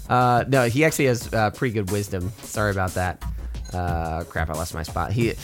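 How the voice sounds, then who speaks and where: A man narrating as game master in a tabletop game, halting with many fillers and restarts. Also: fairly low pitch, soft background music.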